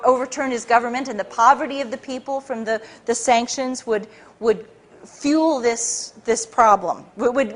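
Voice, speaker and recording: Her pitch sitting on the high side, a woman spins a story for a live crowd at a public talk. The telling is lively and meandering, full of self-corrections partway through sentences.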